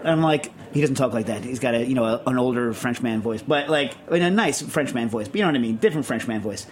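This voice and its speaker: A man's voice: mid-range voice, a little fast, hardly any pauses, a little hiss or hum. A man co-hosting a casual chat podcast, rambling and ranting with lots of fillers and self-deprecating asides. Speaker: podcast co-host.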